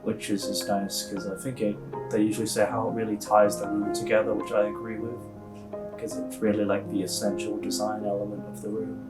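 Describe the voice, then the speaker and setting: Flat, low-voiced young man rambling deadpan. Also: a little fast, distant mic, over loud music, poor audio. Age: young adult. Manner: rambling, many fillers, deadpan. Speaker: interviewee. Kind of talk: casual storytelling interview.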